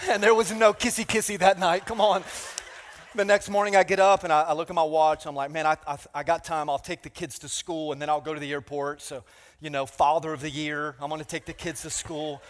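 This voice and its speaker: A man's voice: fairly high pitch, brisk. A man pastor preaching a sermon in a large church, telling a self-mocking story and calling out to the congregation. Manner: animated, self-mocking storytelling with crowd call-outs. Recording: reverberant church hall.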